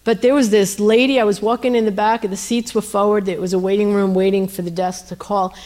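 A middle-aged woman minister telling testimony stories in a sermon, animated and acting out the dialogue. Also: mid-range voice, quick pace.

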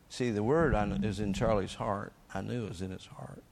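Lower-pitched man preaching a lively testimony. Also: normal speed, creaky, slight background noise. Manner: energetic, emphatic storyteller who acts out shouted quotes. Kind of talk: sermon testimony storytelling.

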